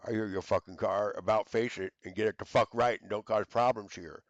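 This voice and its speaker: A man with a low voice rants furiously, cursing and stumbling over fillers as he throws out accusations. The sound is dull and lo-fi, with a dry, close feel and no room echo. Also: steady tone, brisk. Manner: shouting accusations, stammering fillers, heavy cursing. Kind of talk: angry profane rant to camera.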